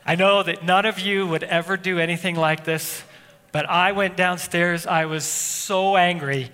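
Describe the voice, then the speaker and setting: A pastor preaching a sermon, telling a personal story in a loose conversational way with frequent restarts. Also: male voice, sits high, unhurried, pushed and bright. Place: church sanctuary. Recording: long hall reverb, faint music.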